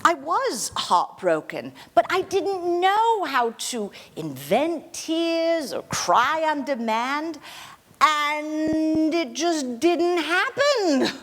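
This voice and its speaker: An actress in her sixties playing a gentle, modest film star who reminisces in a soft, gracious storytelling manner, laughing lightly now and then. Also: high-pitched, big pitch swings, drawn-out words, heavily acted. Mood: fond, amused. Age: 60s. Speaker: actor in a one-woman portrayal. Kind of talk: theatrical monologue. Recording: long reverb of a hall.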